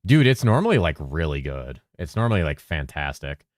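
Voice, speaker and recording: A man's voice: a bass voice, big pitch swings, brisk, no echo, clean studio sound. A man streaming games, chatting casually in a loose, rambling way, swearing freely and mumbling now and then. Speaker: game streamer. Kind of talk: casual live-stream chat.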